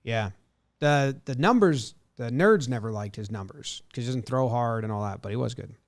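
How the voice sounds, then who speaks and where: Reading injury reports on a casual sports podcast he co-hosts, this man speaks at normal speed in an expressive, mid-range voice on a dry recording. He pauses the news to crack jokes and offer comments.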